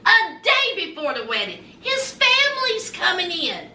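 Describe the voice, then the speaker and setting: Sassy high-voiced woman in her forties. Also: huge pitch swings, unhurried, few pauses, bright, forceful tone, roomy sound, far from the mic. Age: 40s. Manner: sassy, emphatic, repeats lines for effect. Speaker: TV show reviewer. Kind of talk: casual reality-TV recap.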